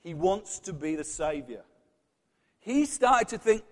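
A man's voice: high voice, very animated, measured pace, pauses often. A man with a Yorkshire accent preaching a conversational sermon, asking the congregation questions and acting out voices. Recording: long hall reverb.

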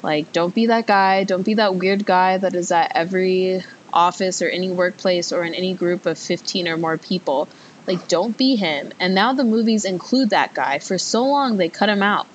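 A woman's voice: normal speed, poor audio. A young adult woman hosting a casual solo podcast, chatty and rambling, with lots of filler words. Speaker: podcast host. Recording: loud recording with faint rumble.

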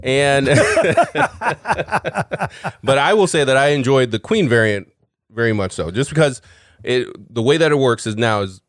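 A man's voice: medium pitch, lively intonation, a little fast, dry recording, clean studio sound. Chatty man telling a story, laughing. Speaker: podcast co-host. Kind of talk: casual chat.

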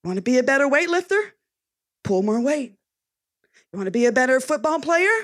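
A woman's voice: high-pitched, sing-song, brisk. A woman preaching a sermon in a punchy, conversational way, reading scripture aloud between short asides.

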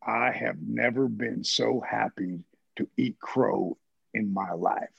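Man putting on a gravelly veteran wrestler, gruff and low, husky edge, dull recording. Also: slow, no echo, exaggerated voice. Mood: grudging praise. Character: gruff veteran male wrestler on a phone message.

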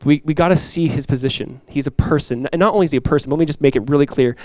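A man in his thirties delivers a sermon in a relaxed, conversational way, tossing in quick asides as he goes. His voice sits a bit higher than most men's, and it comes across dry and close, with no room sound around it. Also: no room sound. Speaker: pastor.

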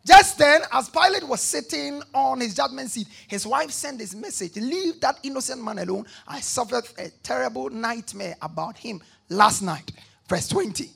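Man preaching, high voice, gravelly, husky, call-and-response, shouts at peaks. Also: animated, normal speed. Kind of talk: sermon with scripture reading.

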